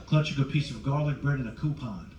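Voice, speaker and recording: Recorded on a distant mic in a reverberant space with a noisy background, this man in his forties talks fast in a mid-range voice. He's a stand-up comic on a cruise ship, doing crowd work and brashly ribbing the live audience.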